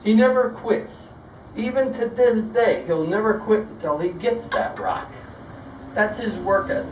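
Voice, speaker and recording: A man's voice: high-pitched, unhurried, a little hiss or hum. An older man giving a best man's toast at a wedding reception, telling folksy family stories. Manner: folksy storytelling. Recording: roomy hall, far from the mic, crowd. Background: guests laughing and chatting.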